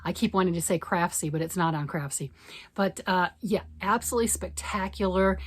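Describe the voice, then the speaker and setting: A middle-aged American woman chatting enthusiastically to camera in a knitting vlog, with lots of fillers and restarts. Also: mid-range voice. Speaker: knitting vlogger. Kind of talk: casual chat to camera.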